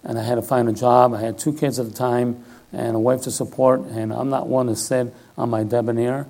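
A man's voice: mid-range voice, little pitch movement, a little fast, a little mellow. An older man giving a sermon in a conversational style, often checking in with "all right?". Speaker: lay preacher.

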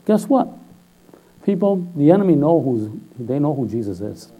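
A man delivers a sermon in a casual, talkative style, frequently asking "all right?" and growing loud and high-pitched when he urges his listeners or quotes someone. He is very animated and speaks at a normal pace, and the recording has its high frequencies cut off.

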